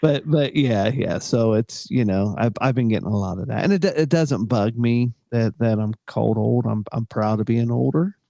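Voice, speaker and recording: A man's voice: mid-range voice, normal speed, vocal fry, hardly any pauses, dark tone, no echo, clean studio sound. A middle-aged man co-hosting a casual chat show, rambling with many fillers and restarts. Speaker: podcast co-host.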